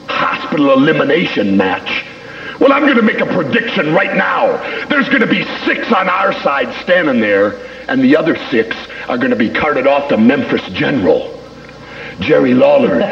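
Cocky wrestler guy taunting rivals, gravelly voice swinging all over, echoey muffled old tv. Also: fairly high pitch. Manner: boastful, taunting, mocking. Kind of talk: wrestling promo. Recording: echoey, dull 1980s TV tape with music.

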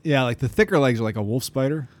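A man co-hosting a podcast, chatting casually with quick teasing remarks. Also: mid-range voice, lively intonation, a little hiss or hum. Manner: teasing, quick interjections, laughs often. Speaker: podcast co-host. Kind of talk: casual chat.

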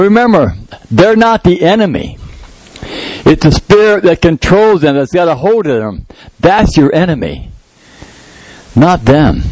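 A man's voice: fairly high pitch, darkish tone, dry recording, poor audio. A middle-aged male pastor preaching a sermon in a conversational way that rises into emphatic prayer. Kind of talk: sermon with live demonstration.

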